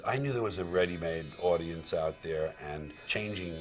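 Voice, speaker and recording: Low-voiced man telling career stories. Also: moderate pace, hardly any pauses, soft background music. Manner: candid and profane, acts out quoted dialogue. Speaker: stand-up comedian. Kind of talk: reflective career storytelling.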